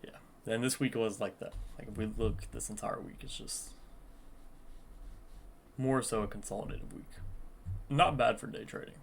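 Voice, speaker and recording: A man's voice: on the low side, normal speed, gravelly, long pauses, slight background noise. A young man talking through his day trading in an earnest, reflective vlog, coaching himself and the viewer and repeating phrases for emphasis. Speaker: day trader vlogger.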